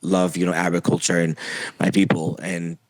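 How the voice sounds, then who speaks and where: Young adult man from Puerto Rico, low dry voice, halting testimony full of fillers, podcast guest. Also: flat delivery, no room sound. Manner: halting, many fillers and restarts. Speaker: interview guest. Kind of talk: personal testimony.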